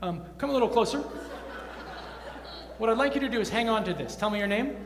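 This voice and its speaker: Playful high-voiced male stage magician. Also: animated, fairly quick, noisy background. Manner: playful, teasing banter with volunteers. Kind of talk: live stage magic show patter. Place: large roomy hall before a live audience. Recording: echoey hall recording with faint music.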